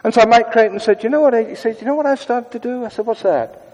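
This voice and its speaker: Preacher in a reverberant church. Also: male voice, very high-pitched. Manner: conversational, shifts between brisk asides and hushed prayerful tones. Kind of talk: sermon.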